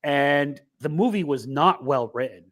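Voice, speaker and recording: A man's voice: fairly high pitch, animated, a little slow, a bit bright. A man co-hosting a podcast, chatting casually about movies and often checking in with "you know what I mean". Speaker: podcast co-host.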